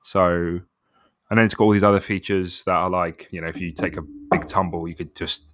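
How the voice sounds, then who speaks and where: A man's voice: deep voice, fairly even intonation, brisk, a bit bright. A man in his thirties co-hosting a podcast, chatting casually and rambling, often saying "bro". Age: 30s. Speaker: podcast co-host. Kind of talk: casual chat.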